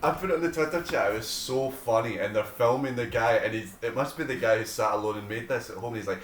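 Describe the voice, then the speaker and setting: A man co-hosting a podcast, chatting casually and retelling stories with lively energy. His voice sits in a middle register and rings a little in an echoey room. He laughs easily between his words. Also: medium pitch, fast talker, a little hiss or hum. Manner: animated storyteller, acts out quotes with laughter. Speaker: podcast co-host. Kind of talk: casual chat.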